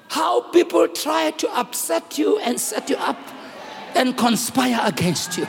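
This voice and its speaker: In a reverberant hall with faint room noise, a pastor preaches a sermon in a very high-pitched, creaky voice, very animated but at normal speed. He tells a story loudly, calls out to the congregation, and moves between English and local languages.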